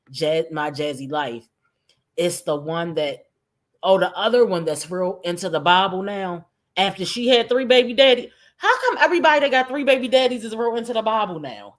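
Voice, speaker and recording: A woman's voice: lowish voice, animated, normal speed. A woman streamer giving sarcastic, mocking reaction commentary and talking straight to her viewers. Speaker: streamer host.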